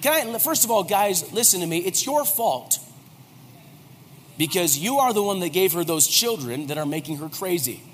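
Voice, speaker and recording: A pastor in his forties preaches a humorous sermon in a high-sitting voice at a moderate pace, animated and joking as he acts out quoted voices. Hall reverb and faint background noise fill the recording.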